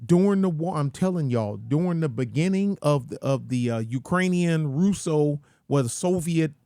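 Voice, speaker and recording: A man's voice: a little high, expressive, normal speed, dark tone, dry recording, studio quality. A man hosting his own channel, ranting in a folksy, rambling, slangy way. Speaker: channel host. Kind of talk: casual rant commentary.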